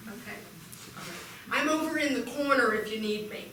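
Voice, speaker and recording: A woman playing a giggly, high-voiced estate manager. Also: normal speed, recorded from a distance, close to an everyday voice. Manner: bubbly, rambling, giggly. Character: chatty woman estate manager hosting a funeral. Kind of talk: live improv comedy. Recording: roomy live stage recording from afar, noisy.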